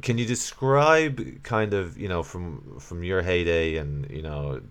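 A man hosting a podcast, asking long, halting, rambling questions. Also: deep voice, smooth. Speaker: podcast host. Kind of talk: interview questions.

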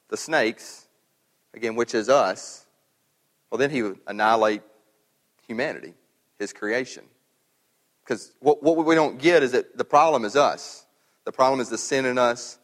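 A man's voice: medium pitch, fairly bright tone. A man preaching a sermon as pastor, in a conversational way, often repeating words as he thinks aloud. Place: church sanctuary. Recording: long hall reverb.

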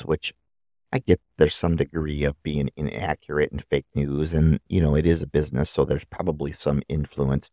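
Very deep gravelly man ranting on a podcast. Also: little pitch movement, normal speed, mellow, no echo, studio quality. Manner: opinionated, rambling, restarts often. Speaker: podcast host. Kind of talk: solo podcast monologue.

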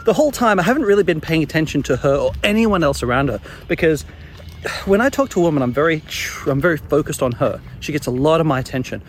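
A young man telling his own embarrassing stories in a casual, animated way, chuckling along as he goes. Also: a little high, fast, a little hiss or hum. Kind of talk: casual storytelling monologue.

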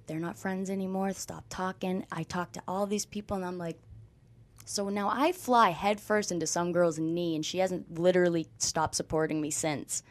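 A young woman, a guest on an interview show, telling her story with lively energy and acting out what people said. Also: fairly low pitch, normal speed. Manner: animated storyteller, acts out quoted dialogue, frequent "like". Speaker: guest, former college softball player. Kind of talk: conversational interview.

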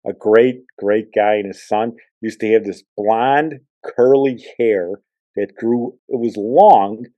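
A man hosts a podcast, telling rambling personal stories in a casual, conversational way. His voice is fairly low in pitch and slow, with no echo and the highs cut off.

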